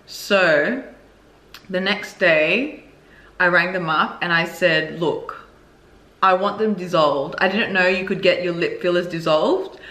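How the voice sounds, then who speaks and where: A woman vlogger tells a story time to camera in a crisp, bright voice. She talks frankly and expressively, straight to her viewers. The sound is echoey, as if she were recording in a bare room. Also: lowish voice, takes it slowly. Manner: candid and expressive, addresses viewers directly. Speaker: beauty vlogger.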